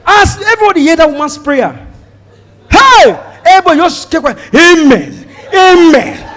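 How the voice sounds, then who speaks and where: High-voiced Nigerian stand-up comedian. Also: male voice, brisk, raised voice, a faint crowd. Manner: animated storytelling, mixing in pidgin. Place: live comedy show before an audience. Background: audience laughter.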